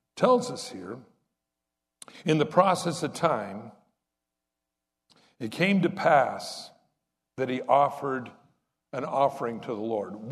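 A man's voice: a little high, long reverb tail. A man preaching a sermon in a conversational way, asking the congregation rhetorical questions. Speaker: pastor.

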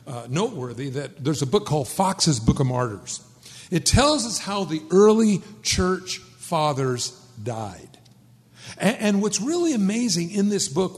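A man's voice: on the high side, darkish tone. A man preaching a sermon as pastor, emphatic and conversational, with wry asides. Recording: long hall reverb.

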